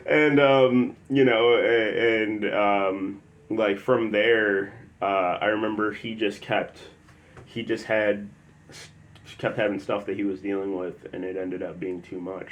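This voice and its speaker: A young man from the Chicago area tells a personal story in a loose, rambling way with lots of fillers, now and then bursting into loud acted quotes. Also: fairly low pitch, fairly even intonation, normal speed, a little hiss or hum. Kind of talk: casual spoken storytelling.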